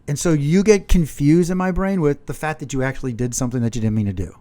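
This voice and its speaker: A man's voice: on the high side, very animated, a little fast, darkish tone. A man co-hosting a podcast with his partner, talking earnestly about their fights and acting out both sides. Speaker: podcast co-host. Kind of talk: candid couple's chat.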